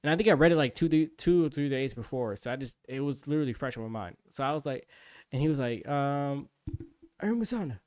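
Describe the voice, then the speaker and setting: A man's voice: mid-range voice, quick pace, darkish tone, clean tone, no room sound, studio quality. A young man casually telling a long story on his livestream, rambling and profane, full of restarts. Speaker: streamer.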